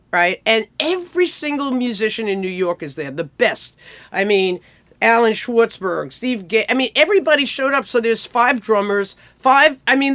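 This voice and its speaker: A woman in her sixties telling lively stories from her music career, acting out people as she goes. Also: on the high side. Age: 60s. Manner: animated, acts out people in quick impressions. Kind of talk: casual storytelling.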